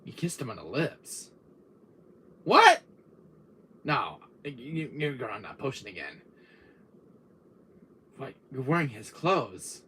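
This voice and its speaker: A man live-streaming casual chat, exasperated and laughing, with loud outbursts. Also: medium pitch, sing-song, measured pace, long pauses, a little hiss or hum.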